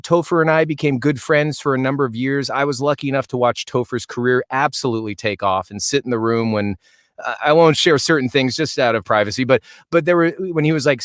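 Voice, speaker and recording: A man's voice: mid-range voice, brisk, fairly bright tone, dry recording. Chatty man telling stories, dry sound. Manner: eager, rambling, self-interrupting. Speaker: actor, guest. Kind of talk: casual interview storytelling.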